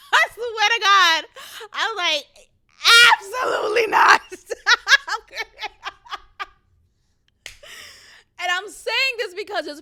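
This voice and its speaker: High, bright-voiced woman ranting casually. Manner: animated, blunt, swears freely, laughs between lines. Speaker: vlogger telling a story. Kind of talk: casual storytime rant.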